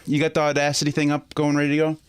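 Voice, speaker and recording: Man from Michigan with a Michigan accent, slightly high voice, laid-back podcast co-host who laughs easily. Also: completely flat delivery, racing, clear, resonant tone. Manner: laughs often, swears casually. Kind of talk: casual chat.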